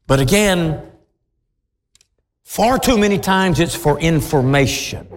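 A male pastor preaching a sermon, deliberate and emphatic, lingering on words. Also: medium pitch, big-room sound.

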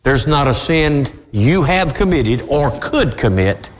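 A man preaching a fiery, old-fashioned sermon, swinging between shouted peaks and low, drawn-out lines. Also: very animated, big-room sound.

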